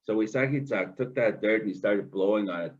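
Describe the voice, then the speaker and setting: A man's voice: fairly low pitch, fairly quick, slightly rough. A man telling a traditional story to students in a school, conversational and full of asides. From Canada. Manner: lively, conversational, many asides. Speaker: oral storyteller. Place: school classroom. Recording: dull lo-fi recording.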